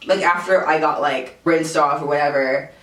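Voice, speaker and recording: A young woman vlogger telling a casual storytime at home, animated and profane, with lots of filler words. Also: sits low, normal speed. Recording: roomy, distant camera audio.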